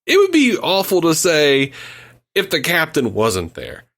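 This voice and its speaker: Male co-host, casual chat, blunt and lively delivery, quick to laugh. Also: on the high side. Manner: blunt and animated, with frequent laughter. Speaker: podcast co-host.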